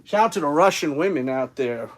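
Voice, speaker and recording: A man's voice: a little high, lively intonation, fairly quick, poor audio. A man chatting casually and rambling with slang and swearing while livestreaming from home. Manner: loose, rambling, slangy and profane. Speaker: streamer reacting live. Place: home room.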